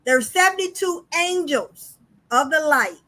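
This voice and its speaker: A high, bright woman hosting a spiritual podcast in an animated, chatty way. She talks straight to her listeners and calls them y'all. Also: unhurried. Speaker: podcast host. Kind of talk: casual spiritual podcast talk.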